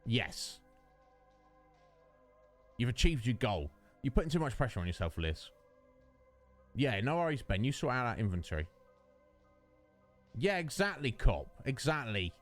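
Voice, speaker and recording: A British Twitch streamer chats with his viewers from his home setup while gaming, rambling, joking and answering chat by name. His mid-range voice is sing-song and unhurried, with frequent pauses, picked up on a studio dynamic mic over soft background music.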